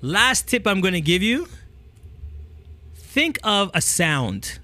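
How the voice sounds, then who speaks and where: A man's voice: sits high, slow. A man hosting a talk, giving casual speaking tips into a handheld microphone and often checking in with "okay?". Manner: energetic, repeats "okay?" to check in; demonstrates with the mic, moving it near and away. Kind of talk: casual coaching talk to camera.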